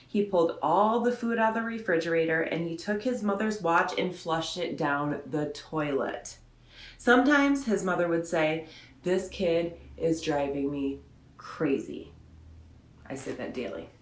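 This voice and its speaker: A woman radio host at home in her son's bedroom, chatting casually and then reading a children's picture book aloud in a rambling, friendly way. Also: mid-range voice. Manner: chatty and rambling, slows down to read. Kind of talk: chatty storybook read-aloud. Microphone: phone or camera set up in front of her. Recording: roomy bedroom sound.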